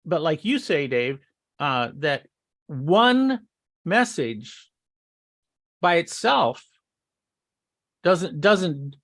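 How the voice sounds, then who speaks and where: Guy cohosting a podcast, kinda high voice, rambles and restarts a lot. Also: sing-song, extremely slow, pauses often, a bit bright. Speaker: podcast co-host. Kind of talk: casual chat.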